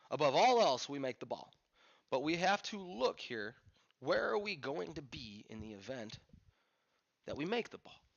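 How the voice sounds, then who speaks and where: A man's voice: a little high, gravelly, fairly bright tone. A man teaching pool as he plays, thinking aloud in a candid coaching manner. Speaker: pool instructor. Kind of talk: instructional commentary while playing. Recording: lo-fi dull sound.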